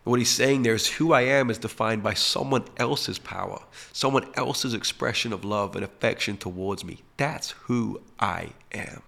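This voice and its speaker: Man, low gravelly voice, calm reflective spiritual teacher, soft hushed emphasis. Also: moderate pace, few pauses. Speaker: podcast host.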